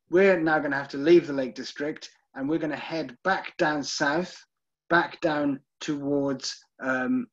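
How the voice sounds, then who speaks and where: A man's voice: medium pitch, lo-fi sound. A man with a British accent leads a live online literary tour, chatting casually with viewers and using plenty of ums. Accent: British English. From United Kingdom. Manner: chatty, checks in with listeners, frequent ums. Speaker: virtual tour guide.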